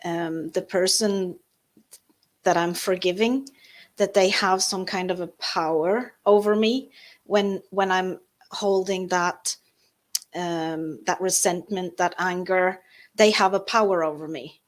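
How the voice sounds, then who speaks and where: A woman with a Norwegian accent speaks as a guest in a live interview, her lowish voice soft and hesitant. She fills her speech with fillers and keeps restarting sentences.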